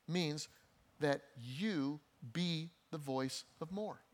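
Higher-pitched male preacher, repeating phrases. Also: very slow. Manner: repeats key phrases for emphasis. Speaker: pastor. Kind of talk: sermon.

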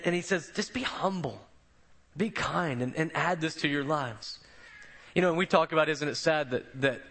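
A man's voice: a little high, a bit bright. A man preaching a sermon, telling stories in a conversational way and often repeating words as he goes. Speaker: pastor.

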